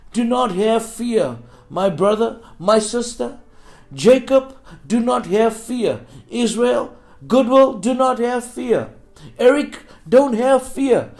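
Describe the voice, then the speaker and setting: Slow, emphatic South African pastor. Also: male voice, high voice. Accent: South African English. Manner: slow, builds to loud emphatic repetition. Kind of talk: sermon.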